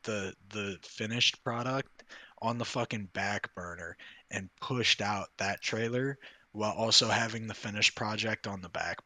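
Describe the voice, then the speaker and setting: Bright, low-pitched man, dry mic. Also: no room sound. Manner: emphatic, swears often. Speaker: podcast co-host. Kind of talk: casual chat.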